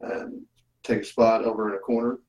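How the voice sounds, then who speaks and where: A man's voice: lowish voice, level tone, moderate pace, darkish tone. A man playing a character in a tabletop game, speaking casually. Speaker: player. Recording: distant, roomy mic.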